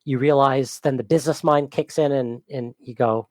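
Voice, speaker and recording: A man's voice: medium pitch, animated, normal speed, no room sound. A man who runs a small business, talking as a podcast guest in an easygoing way, laughing often, heard on a close mic. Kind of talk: casual conversation.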